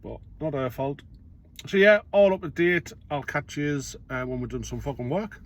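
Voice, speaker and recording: A man's voice: a little high, expressive, normal speed. A middle-aged man, a self-employed courier talking casually in a rambling vlog monologue, blunt and swearing freely.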